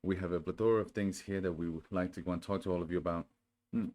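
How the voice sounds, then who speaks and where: Low-voiced, soothing male storyteller. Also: fairly even intonation, darkish tone. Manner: soothing, unhurried, calls his voice sonorous. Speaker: channel host. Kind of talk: casual chat, then storybook reading.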